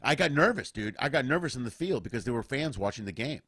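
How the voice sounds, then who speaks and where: A middle-aged man hosting a casual remote comedy chat, an animated storyteller who acts out other people's voices. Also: medium pitch, fast talker, breathy edge, no echo. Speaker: podcast host. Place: home, remote video chat.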